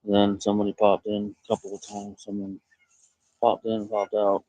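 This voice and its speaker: A man live-streaming outdoors from his farmyard on a phone, rambling to viewers and talking softly to his goats. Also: lowish voice, completely flat delivery, normal speed, no echo, low-quality recording. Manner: rambling, talks softly to animals. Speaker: livestreamer tending goats. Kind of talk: casual live-stream monologue.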